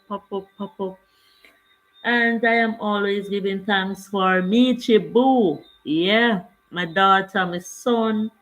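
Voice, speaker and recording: A woman's voice: medium pitch, rough recording. An older woman, chatting casually on her livestream and greeting viewers by name. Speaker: livestream host.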